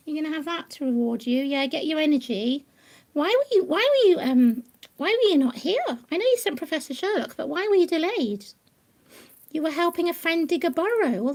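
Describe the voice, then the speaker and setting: A woman on a home live stream, coaxing and cooing at her pet rabbit in sing-song baby talk. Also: sits high. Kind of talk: doting chat to a pet rabbit. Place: living room at home.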